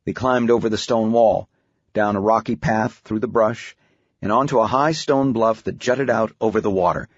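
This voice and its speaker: Male narrator, mid pitch, husky, dry booth, dull recording; measured reading. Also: dry recording. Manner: even, measured storytelling. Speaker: audiobook narrator. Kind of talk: scripted narration. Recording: dull, muffled audiobook recording.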